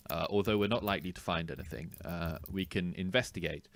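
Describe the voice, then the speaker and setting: Deep-voiced, halting man role-playing. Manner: halting, formal, prone to laughing. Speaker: tabletop player. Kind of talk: in-character tabletop role-play.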